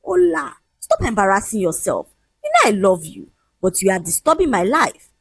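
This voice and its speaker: A smug, shameless young man in a storybook tale, as a woman narrator puts him on. He lectures and mocks in a husky, lively voice that swings up and down. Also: mid-range voice, normal speed, no echo, studio quality, exaggerated voice. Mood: mocking. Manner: mocking, lecturing, casually shameless. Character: scornful cheating young man, smug and dismissive.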